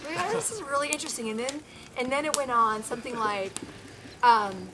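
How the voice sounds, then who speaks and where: Animated woman telling a story. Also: a little high, fairly quick, noisy background. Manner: animated, self-mocking storytelling. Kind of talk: personal anecdote told to a group.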